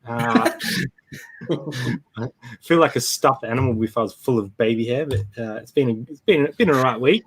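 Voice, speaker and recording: Man, Australian accent, relaxed live-stream host, mid pitch. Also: normal speed, pauses often, breathy edge. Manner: laid-back, reads out chat names. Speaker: co-host of a live reselling show. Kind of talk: casual live-stream chat.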